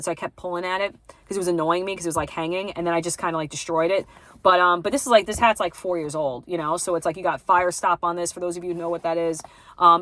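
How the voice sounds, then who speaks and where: A woman's voice: fairly low pitch, fairly bright tone, dry recording. A young woman talking casually to her vlog audience in a rambling, blunt, self-deprecating way, with many fillers and restarts. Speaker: vlogger.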